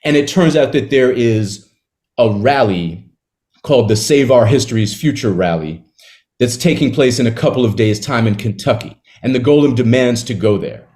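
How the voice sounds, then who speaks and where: A man in an interview, talking casually about a book he wrote, retelling its scenes with quick asides. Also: medium pitch, animated, darkish tone. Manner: conversational, retells scenes with quick acted quotes and laughs. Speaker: author discussing his novel.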